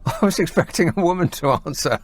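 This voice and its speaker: A man's voice: high-pitched, fast talker. Man, radio phone-in host, sardonic, mocking asides, casual banter. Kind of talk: late-night talk radio banter.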